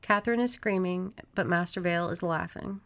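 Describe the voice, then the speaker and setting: A woman hosts a podcast, reading a horror novel aloud at an even pace. Her narration is steady and plain, broken by friendly asides to her co-host. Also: lowish voice, a little fast, smooth.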